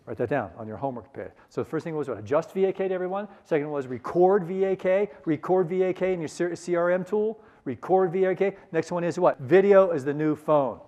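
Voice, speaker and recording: A middle-aged man leading a sales seminar, energetic and coaxing the audience to repeat phrases after him. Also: fairly high pitch, a little fast, few pauses, muffled recording. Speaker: sales trainer. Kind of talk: conference seminar talk.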